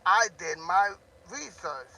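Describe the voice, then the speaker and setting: A man ranting loudly on a live stream, talking straight to a viewer, amped up and always yelling. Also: high-pitched, lively intonation, slow, poor audio.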